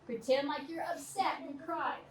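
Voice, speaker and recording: A middle-aged woman teacher talks a class of children through an activity in an animated, directive way and laughs often. Her voice sits high. She is picked up from across a reverberant classroom. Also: normal speed. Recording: roomy, distant, noisy classroom.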